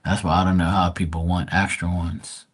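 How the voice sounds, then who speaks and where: A man's voice: deep voice, little pitch movement, moderate pace, breathy edge. A man reading tarot cards and chatting casually with viewers on a live stream, calling them by name and swearing lightly.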